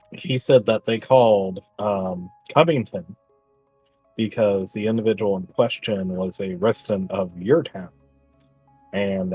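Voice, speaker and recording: A man playing his character in a tabletop game, talking haltingly and politely with many fillers. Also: fairly low pitch, breathy edge, no room sound. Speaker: player.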